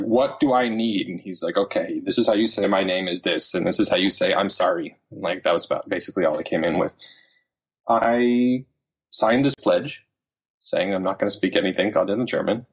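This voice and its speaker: A man in his thirties talks as a podcast guest, animated and full of quick asides. His voice sits on the low side and has a husky grain. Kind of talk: casual interview chat.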